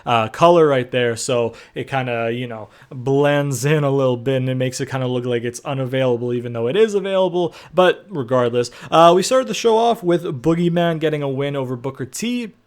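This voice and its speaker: A young man in the middle of his voice range, narrating his game session as a host. His talk is loose and rambling, full of fillers and restarts, with casual swearing. He sounds relaxed and conversational throughout. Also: mid-range voice, brisk, hardly any pauses, clean tone. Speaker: gaming video host. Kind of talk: casual game commentary recap.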